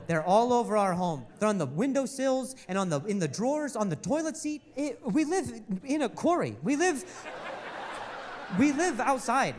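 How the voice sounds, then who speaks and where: A man doing stand-up, telling a story with exasperated, mock-outraged asides. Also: sits high. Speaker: stand-up comedian. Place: live comedy stage before an audience.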